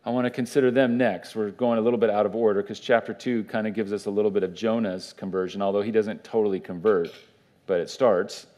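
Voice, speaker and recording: A man's voice: lowish voice, steady tone, fast talker, warm tone. A man, a pastor, giving a conversational Bible teaching in church, with fillers and restarts.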